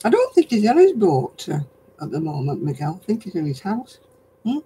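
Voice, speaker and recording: A woman with a broad Lancashire accent, from Lancashire, England, chats homely while she crochets on a craft livestream, answering what viewers write. Her lowish, warm voice has huge pitch swings and a fairly quick pace. The poor audio has a little hiss or hum.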